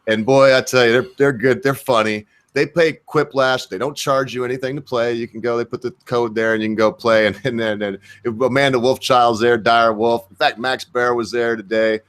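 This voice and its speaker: A man hosts a live stream in a loose, folksy way, tossing out jokes as he chats. His voice sits at an ordinary middle pitch. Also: fairly bright tone, clear, resonant tone. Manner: folksy, chatty, joking. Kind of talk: casual group chat on a live stream.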